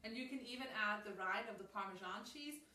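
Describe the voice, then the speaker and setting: With a medium-pitched, pushed and bright voice at a slightly fast clip, a woman runs a live cooking demo streamed from her home kitchen. She's upbeat and talkative, speaks straight to viewers and says "um" a lot; the sound is echoey, distant-miked and faintly noisy.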